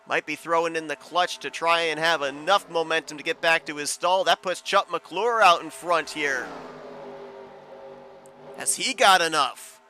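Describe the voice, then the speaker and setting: A man calling an online stock car race as play-by-play announcer, calm and analytical. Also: a little high, unhurried, slight background noise. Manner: calm analysis, rising to shouting at the finish. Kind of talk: sim racing commentary.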